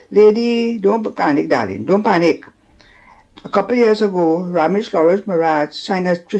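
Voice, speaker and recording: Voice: mid-range voice, a little mellow. A caller with a Trinidadian accent on a radio show, chatty and scolding, rambling from point to point. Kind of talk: call-in radio chat. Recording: dull phone line.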